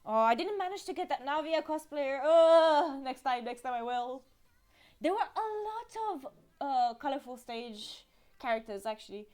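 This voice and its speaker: A woman giving a casual live-stream recap, animated and giggly, with frequent fillers. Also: sits high, moderate pace.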